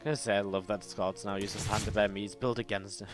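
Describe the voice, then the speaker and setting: A man's voice: on the low side, little pitch movement, quick pace, over music. A man from northern England with a northern English accent, casting a live esports match in a playful, jokey way. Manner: playful, jokey, laughs often. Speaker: esports caster.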